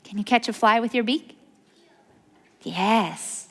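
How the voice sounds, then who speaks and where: A woman's voice: a little high, slow, fairly bright tone, husky. A young woman reading a picture book aloud to children at a library storytime, coaxing them to join in with sounds and movements. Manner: sing-song, coaxing, leading children in call-and-response. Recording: reverberant library hall.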